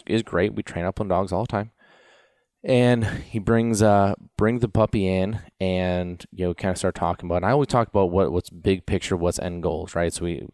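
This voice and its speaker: A man with a low, deep voice talks casually, as on a podcast, about training dogs. He rambles and restarts often while telling stories. The sound is close and dry, with no room echo. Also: a little mellow. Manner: rambling, storytelling with many restarts and fillers. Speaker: dog trainer and podcast host.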